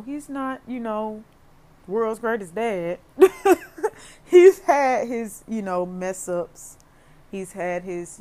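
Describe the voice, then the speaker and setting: A woman's voice: fairly high pitch, warm tone. A young woman who works as a therapist, talking casually and heartfelt on her podcast, with many "you know" fillers. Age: young adult.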